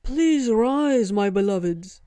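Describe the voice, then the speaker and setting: A woman reading a storybook, voicing a booming, formal male monkey god who speaks with great reverence. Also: animated, slow, dark tone, no room sound. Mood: booming devotion.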